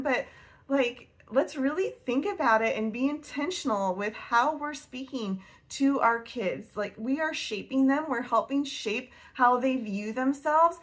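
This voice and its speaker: A woman, talking casually to camera as a homeschool vlogger, chatty and laughing often. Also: high-pitched. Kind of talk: casual faith-based talk to camera.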